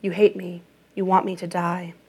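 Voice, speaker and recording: A volatile, controlling lover, read by a woman in an audiobook, her lines clipped and menacing. The voice sits low with a gravelly edge. It stays flat and cold rather than swinging. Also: normal speed. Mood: accusing.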